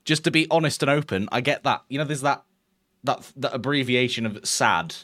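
A man from England co-hosting a football podcast, casual and rambling, prone to laughter and excited outbursts. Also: mid-range voice, brisk. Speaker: podcast co-host.

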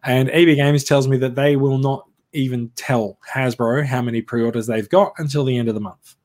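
Male podcast co-host, mid pitch, chatty explainer, restarts sentences. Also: steady tone, normal speed, darkish tone. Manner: explains at length with restarts, says "look" often. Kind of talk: casual chat.

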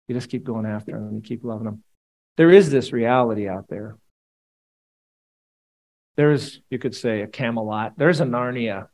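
Animated man preaching. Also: mid-range voice, moderate pace, long pauses, rough recording. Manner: conversational, animated preaching with playful asides. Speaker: pastor. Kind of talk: sermon.

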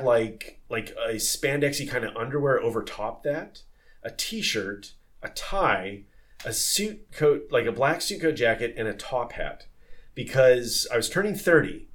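A man in a relaxed podcast conversation tells old sailing stories with lively energy. He talks in a loose way, full of fillers, restarts and repeated words. His voice sits at an ordinary middle pitch. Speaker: former tall ship sailor.

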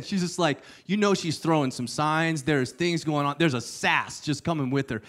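A man preaching a sermon, telling the story with playful asides and sudden hushed lines. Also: on the high side, expressive, normal speed, few pauses. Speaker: pastor.

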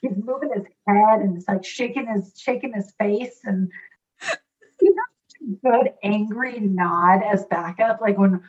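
A woman co-hosting a casual podcast, chatting in an animated way about a sitcom scene, with lots of fillers. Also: medium pitch, measured pace, distant mic, dull audio. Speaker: podcast co-host. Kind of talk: casual rewatch chat.

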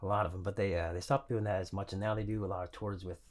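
A male guest musician chatting casually on a podcast, laid-back and soft-spoken. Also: sits low, little pitch movement, rapid-fire. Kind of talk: casual chat.

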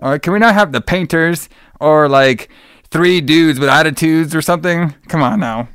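A man recaps a movie for a podcast and throws in constant profanity and silly character voices. His voice is smooth and clear, and it is recorded dry and close. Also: normal speed, fairly bright tone, no room sound. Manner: profane, joking, acts out characters in a high voice. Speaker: podcast host. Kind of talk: casual movie recap chat.

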